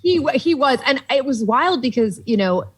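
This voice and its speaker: A young woman from Boston with a Boston accent, a comedian guest telling lively stories in casual podcast chat and acting out the voices she quotes. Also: sits high, moderate pace, breathy edge, poor audio.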